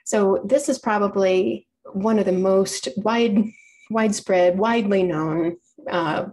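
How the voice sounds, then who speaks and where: A woman presents a library talk in a friendly, conversational way. She explains as she goes, circles back to fix her own wording and keeps things light. Her pitch sits in an ordinary middle range. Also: takes it slowly, a little mellow. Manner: chatty, explanatory, frequent self-corrections. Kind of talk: informal public lecture.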